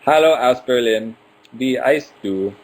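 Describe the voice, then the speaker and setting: A man's voice: medium pitch, measured pace, poor audio. A man in his twenties hosting a casual live stream, reading out viewer questions and answering them one by one with playful asides. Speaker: livestream host.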